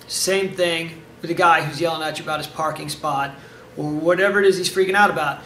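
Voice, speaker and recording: A man's voice: fairly high pitch, steady tone, moderate pace, a bit bright, a little hiss or hum. A man, a karate instructor, giving casual instructional talk in a direct coaching manner, often checking in with "okay?". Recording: echoey room, mic at a distance.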